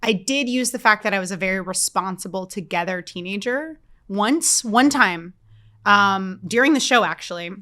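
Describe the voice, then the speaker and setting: A woman in her thirties, a podcast co-host, telling a story in casual chat, animated and self-mocking, swearing freely. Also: mid-range voice, moderate pace.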